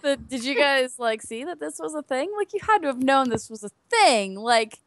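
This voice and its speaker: A young adult woman co-hosting a casual gaming chat show, animated and given to loud exclamations. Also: high-pitched, normal speed, no room sound, studio quality. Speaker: podcast co-host.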